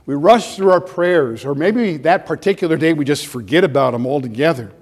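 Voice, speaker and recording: A man preaching a sermon as pastor, earnest and full of rhetorical questions, his voice growing animated as he goes. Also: on the high side, a little fast, husky, in a large hall.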